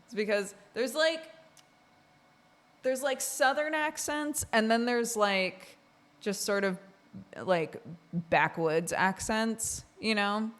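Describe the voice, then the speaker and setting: A woman's voice: on the high side, slow, fairly bright tone. A woman streamer from Oregon chatting casually with her audience, rambling with lots of fillers and frequent laughs. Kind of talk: casual chat with chat.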